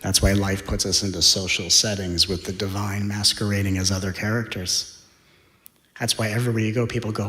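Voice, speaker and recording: Deep-voiced man giving a spiritual talk. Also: fairly even intonation, echoey room. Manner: slow, deliberate phrasing, with hushed, whispered emphasis. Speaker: spiritual teacher.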